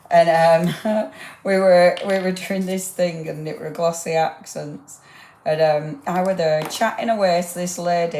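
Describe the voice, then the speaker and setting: A woman with a low voice hosts a live craft demonstration. She talks in a warm, rambling, enthusiastic way and chats to her viewers as she works. The sound is roomy, with a faint hum of background ambience. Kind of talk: chatty live craft demo. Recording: roomy echo.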